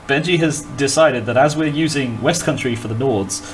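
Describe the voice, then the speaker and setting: Wry game master, noisy line. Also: male voice, medium pitch, moderate pace. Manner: wry, exasperated, laughing often. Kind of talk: narrating a tabletop game.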